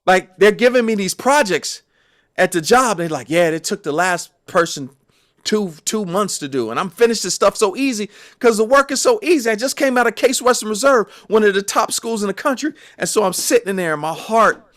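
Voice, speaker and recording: Casting note: gospel musician, male, higher register, lively and emphatic when recounting stories. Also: fairly quick. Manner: animated, emphatic storyteller. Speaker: gospel musician and podcast guest. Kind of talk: personal storytelling in conversation.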